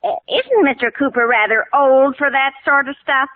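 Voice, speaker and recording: A woman's voice: high-pitched, normal speed, natural voice. A woman playing an earnest, plain-spoken housemaid in a 1950s radio comedy. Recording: tinny old radio transcription.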